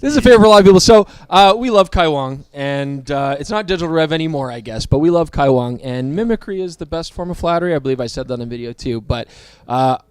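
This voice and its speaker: A man hosts a relaxed chat, cracking jokes and laughing often. His voice sits a little high. The sound is close and dry, with no room around it. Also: fast, few pauses, clean tone, dry recording. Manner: jokey, laughs often, animated. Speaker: show host. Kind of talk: casual chat.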